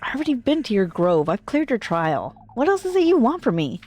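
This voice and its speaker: A woman's voice: fairly high pitch, big pitch swings, a little fast, a little mellow, voice pushed up. A woman voicing a defiant young heroine in a horror game, reading her lines with scorn.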